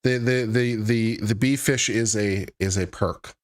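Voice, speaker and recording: A man hosting a legal-commentary live stream works through a court filing out loud, cutting in with deadpan sarcasm. His voice is fairly low, steady in tone, and a little slow.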